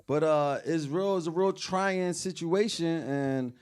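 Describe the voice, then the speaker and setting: A man's voice: on the high side, measured pace, darkish tone, clean tone. A man, a rapper guest, telling laid-back stories with slang in a casual podcast chat.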